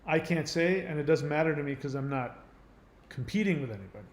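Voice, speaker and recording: A man's voice: on the high side, expressive, a little fast. A man hosting his channel, explaining in an earnest, emphatic monologue. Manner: earnest, emphatic, acts out quoted voices. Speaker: channel host. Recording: roomy echo.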